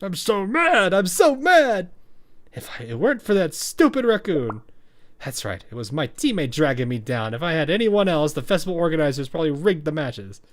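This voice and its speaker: A man voicing a hot-headed, sore-losing teenage girl who rants loudly and indignantly. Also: on the high side, lively intonation, fast, hardly any pauses, natural voice. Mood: furious. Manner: loud, ranting, indignant.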